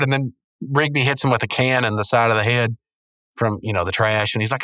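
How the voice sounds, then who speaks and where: Male podcast host, rambling casual recap, bright tone, dry close mic. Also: medium pitch, steady tone, fairly quick, no room sound. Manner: rambling, self-correcting, chuckling.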